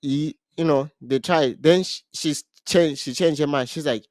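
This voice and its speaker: A man with a somewhat high voice retells a movie plot on a casual podcast, animated and restarting his sentences often. The sound is dry and close. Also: a little slow, no echo. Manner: animated storytelling with frequent restarts. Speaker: podcast co-host.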